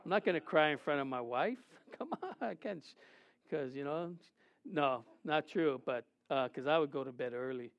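A middle-aged man preaching a sermon as pastor, his delivery swinging between emotional, raised passages and quiet, subdued confessions. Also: fairly high pitch, lively intonation, normal speed, dry recording, dull audio. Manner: emotional preaching with rising and falling intensity.

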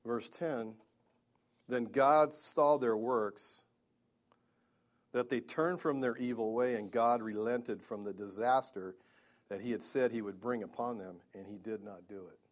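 A man's voice: mid-range voice, steady tone, measured pace. A man preaching a Bible-teaching sermon, earnest, with stammering restarts and emphatic peaks.

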